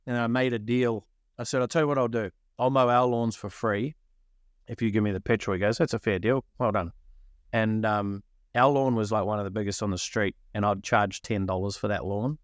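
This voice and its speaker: Low, smooth-voiced man telling a story. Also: brisk, no room sound, clean studio sound. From New Zealand. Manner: animated, acts out quoted voices. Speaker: podcast co-host. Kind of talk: casual storytelling.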